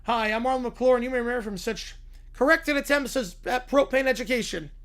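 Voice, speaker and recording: A hoarse man voicing a pompous, slick male cartoon actor who announces himself slowly. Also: very high voice, a bit bright. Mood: smug. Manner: slow, announcing.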